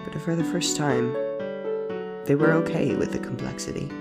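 A man narrating a storybook audio drama in a measured, deadpan way. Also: fairly high pitch. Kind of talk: scripted narration. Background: soft music.

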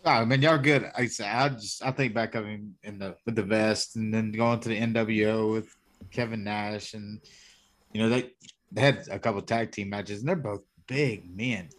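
A man's voice: fairly low pitch, fairly even intonation, moderate pace. A man joining a casual chat, easygoing and musing.

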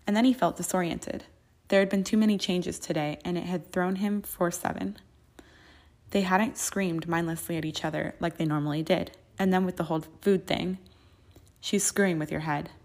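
A woman's voice: on the low side, fairly even intonation, normal speed, darkish tone. Woman reading a fanfic audiobook. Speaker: narrator. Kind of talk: fan fiction audiobook narration.

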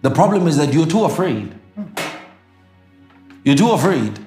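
A man's voice: on the high side, big pitch swings, a little slow, mellow, echoey room, soft background music. A middle-aged male pastor from South Africa preaching a sermon, emphatic and repetitive, with sudden bursts and laughter.

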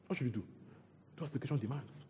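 A man's voice: mid-range voice, rapid-fire, dark tone, a little hiss or hum. A man preaching a sermon, repeating phrases and quizzing the congregation.

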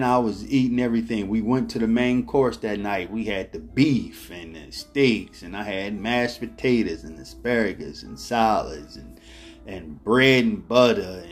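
A middle-aged man telling a story in a casual, rambling way. He repeats words, chuckles as he goes, and speaks straight to his viewers. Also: fairly low pitch. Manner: addresses viewers directly as ladies and gentlemen. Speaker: travel vlogger.

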